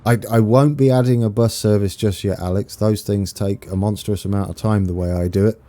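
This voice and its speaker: Chatty East Anglian man, low mellow voice. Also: steady tone, a little fast. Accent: East Anglian English. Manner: chatty, self-mocking, laughs often, reads out viewer names. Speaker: game streamer. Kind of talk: casual live-stream chat while playing.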